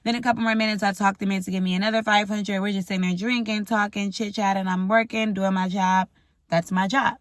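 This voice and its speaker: A woman's voice: medium pitch, steady tone, fast talker, no echo, studio quality. A young woman telling a storytime vlog, blunt and profane, venting frankly. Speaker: vlogger. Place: indoors at home, ring light.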